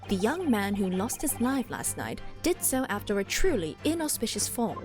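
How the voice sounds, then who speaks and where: A woman voicing a cold, haughty male prosecutor in a game, with a condescending, drawn-out delivery. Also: mid-range voice, big pitch swings, a little mellow, soft background music, close to an everyday voice. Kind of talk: voicing a game character on stream.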